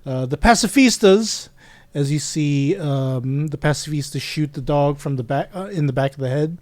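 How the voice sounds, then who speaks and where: A man co-hosting a podcast, recapping a comic chapter casually, with many pauses and fillers, acting out the quoted lines. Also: fairly high pitch, a little mellow, no room sound. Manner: hesitant, many ums, acts out quoted lines. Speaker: podcast co-host.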